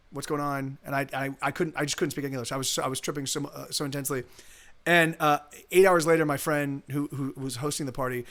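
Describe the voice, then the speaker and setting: A man's voice: fairly high pitch, fairly bright tone. A man streaming live as a musician, chatting casually between songs in a rambling way with many restarts. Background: guitar playing.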